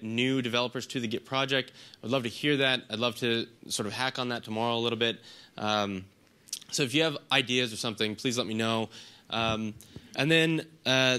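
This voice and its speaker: A man's voice: mid-range voice, pushed and bright. Man with a sick, nasal voice. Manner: hesitant, many ums and restarts. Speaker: conference speaker giving a lightning talk. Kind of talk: casual conference talk. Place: conference room with audience.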